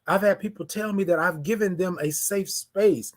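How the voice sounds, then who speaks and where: A man with a notably high voice hosts a morning live stream. He talks with heartfelt, preacher-like emotion, often asking "right?" as he reads comments from viewers. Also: normal speed. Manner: emotional, preacher-like cadence with many "right?" asides. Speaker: host of a morning live show.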